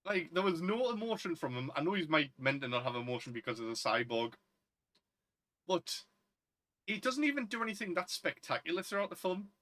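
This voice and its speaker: A man's voice: on the high side, big pitch swings, a little fast, a bit bright. A man, co-hosting a casual film chat in a chatty, opinionated way. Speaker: podcast co-host.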